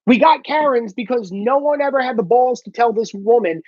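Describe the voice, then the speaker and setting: A man's voice: extremely high pitch, lively intonation, normal speed, hardly any pauses, no echo. Man alone in a room, heated profane rambling rant, muffled dry recording. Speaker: solo vlogger. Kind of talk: ranting monologue. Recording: dull lo-fi, dry.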